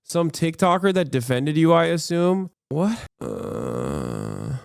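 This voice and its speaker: A man's voice: a little high, sing-song, takes it slowly, creaky, clean tone, no echo, clean studio sound. A man in his thirties reacting to clips on a livestream, ranting in exasperated disbelief and swearing freely. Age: 30s. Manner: exasperated, profane, incredulous rants. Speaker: streamer.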